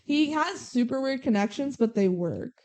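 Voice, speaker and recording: A woman's voice: high voice, lively intonation, moderate pace, darkish tone. Young woman recapping a movie, chatty. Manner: recaps scenes quoting characters, lots of "like" and "um". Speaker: podcast co-host. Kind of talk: casual movie recap chat.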